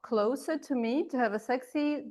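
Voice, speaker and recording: High-voiced woman hosting with a Russian accent. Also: normal speed, a little mellow, rough recording. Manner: laughing, upbeat, hesitant fillers. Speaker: table topics master at a speaking club meeting. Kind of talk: live club meeting hosting.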